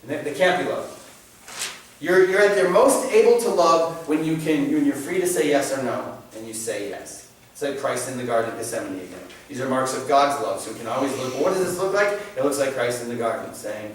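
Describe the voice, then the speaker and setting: A man giving a church teaching talk in an animated, joking, conversational way. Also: mid-range voice, a little fast, a little hiss or hum. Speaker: church catechist speaker. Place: church hall. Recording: echoey hall, distant mic.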